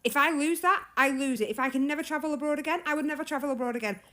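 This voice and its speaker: A woman's voice: sits high, rapid-fire, sharp tone. A woman ranting furiously on social media, sweary and emphatic. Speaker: small business owner. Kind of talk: angry social media rant.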